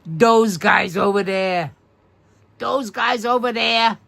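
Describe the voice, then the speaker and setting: Slow-talking New man hosting a live quiz. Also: high-pitched, vocal fry, bright, forceful tone. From New York. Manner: upbeat, repeats questions and greets viewers by name. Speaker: live-stream host. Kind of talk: live-stream trivia quiz, reading viewer answers.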